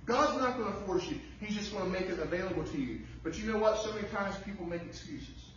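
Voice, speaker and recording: High-voiced preacher in an echoey church. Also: male voice, expressive, quick pace, hardly any pauses, a bit bright, a little hiss or hum. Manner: emphatic preaching with rhetorical questions. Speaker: pastor. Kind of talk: sermon. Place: church sanctuary. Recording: distant, muffled, very echoey room.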